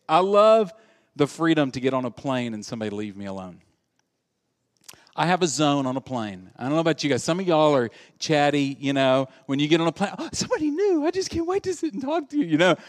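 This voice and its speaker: A middle-aged man from the American South, a pastor giving a jokey, animated sermon and acting out quoted voices. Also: on the high side. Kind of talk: humorous sermon.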